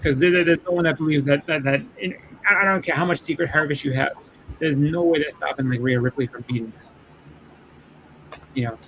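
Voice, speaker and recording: A man chatting casually about wrestling, halting and full of restarts. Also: fairly high pitch, a bit bright, a little hiss or hum, low-quality recording. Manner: halting, many restarts and fillers. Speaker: podcast co-host.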